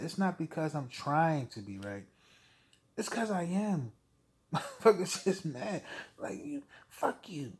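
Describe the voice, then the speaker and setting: Vlogger, male, fairly high voice, blunt profane rant, heated delivery. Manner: blunt, heated, swearing, with short laughs. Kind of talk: profane personal rant to camera.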